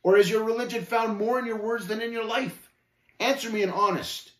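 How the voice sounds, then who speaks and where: A man's voice: high voice, fairly quick, roomy sound, voice pushed up, natural voice. A man reading aloud and voicing a plain-spoken, earnest male pilgrim who speaks matter-of-factly. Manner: steady, matter-of-fact, earnest.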